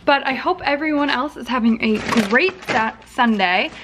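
A woman's voice: sits high, normal speed, noisy background. A woman in her twenties chatting casually to her own camera as a vlogger, rambling with plenty of "like" and "um". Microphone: handheld compact camera.

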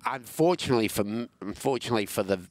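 A man's voice: mid-range voice, expressive, rapid-fire, a little mellow. A middle-aged Australian man with a scratchy, coughing throat, rambling and self-mocking with frequent ums in a casual podcast interview. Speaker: former motorsport executive, guest.

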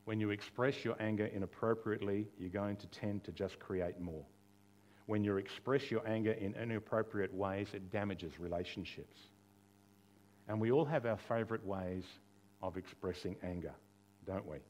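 A man's voice: fairly low pitch, normal speed, darkish tone. A male pastor preaching a sermon in a conversational way, with rhetorical questions, touches of humor and quoted dialogue that he acts out.

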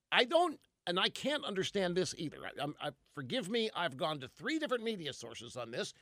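A man's voice: on the high side, sharp tone, no room sound, studio quality. A man hosting a talk show, delivering a combative, opinionated monologue full of rhetorical questions. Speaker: radio talk host.

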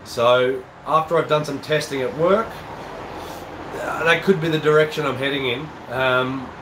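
A man's voice: mid-range voice, reverberant, noisy background. Chatty Australian man with a stuffy cold. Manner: casual, chatty, rambling with fillers. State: nasal from a cold. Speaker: golf channel host. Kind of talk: live-stream chat reading viewer comments.

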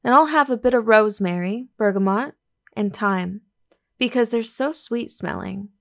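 A woman voicing a bright, playful young woman, an affectionate daughter, with a lively, coaxing manner in an audiobook reading. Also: on the high side, moderate pace, gravelly.

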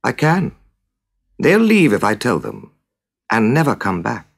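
A man plays a cool, mysterious storybook stranger who speaks in short, measured lines through thin lips. His voice sits a little above the narrator's low, gravelly tone and keeps a raspy edge. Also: huge pitch swings, heavily acted.

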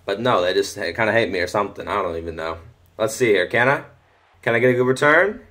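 A teenage boy casually commenting on a football video game from home, chatty, easily excited and often muttering to himself. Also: lowish voice, quick pace. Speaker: gaming commentator. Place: home room.

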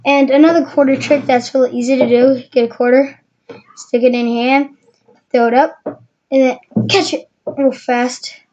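A woman's voice: high-pitched, fairly even intonation, normal speed, long pauses, darkish tone. A woman casually demonstrating magic tricks in a rambling, hesitant way. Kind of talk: casual how-to tutorial. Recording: dull lo-fi with faint noise.

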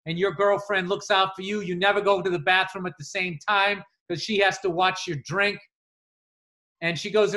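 A man co-hosting a podcast, telling animated stories in casual chat and swearing freely. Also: high-pitched. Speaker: podcast co-host.

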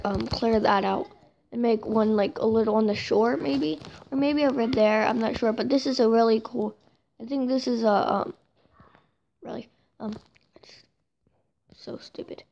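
A woman's voice: fairly high pitch, fairly even intonation, normal speed, creaky, long pauses, warm tone. Woman, chatty game commentary, self-mocking, lo-fi dull sound, faint hiss. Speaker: gameplay commentator. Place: home room with noisy brothers and a cat.

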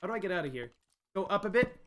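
A young man streaming a game live, jumpy and excitable, talking straight to his chat. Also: high-pitched, rapid-fire. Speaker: gaming livestreamer. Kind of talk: live let's-play commentary.

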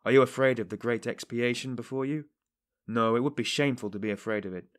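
A man's voice: medium pitch, quick pace, natural voice. A man reading a fervent, pleading investigator. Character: earnest middle-aged male police investigator, persuasive.

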